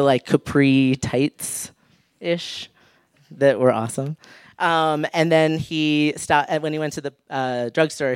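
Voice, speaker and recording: A man's voice: fairly high pitch, clean tone, no echo, studio quality. A man telling a humorous personal story on stage, laughing often and acting out the people he quotes. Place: live stage show.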